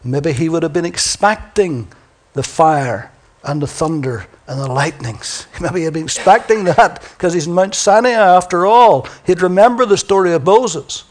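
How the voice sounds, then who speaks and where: A man preaching a sermon, reading scripture dramatically and swinging from booming declarations to hushed near-whispers. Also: animated, normal speed. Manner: reads scripture aloud dramatically.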